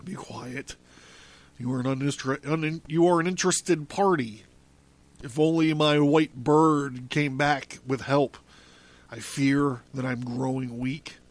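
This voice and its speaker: A man voicing Carl, a weary, fearful hanged man, in a low, subdued, pleading voice. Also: steady tone, unhurried, close to an everyday voice. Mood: fretful.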